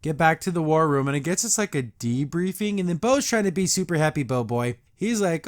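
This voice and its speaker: Sarcastic male podcast host, higher voice. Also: expressive, fairly quick, hardly any pauses. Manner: sarcastic, exasperated ranting. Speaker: podcast host reviewing a cartoon episode. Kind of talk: casual episode recap and reaction.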